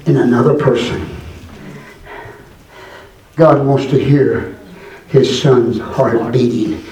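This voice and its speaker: Male preacher, fervent sermon, echoey church recording. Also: fairly even intonation. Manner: builds from low, measured speech to high, shouted preaching. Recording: echoey church room, far from mic, congregation.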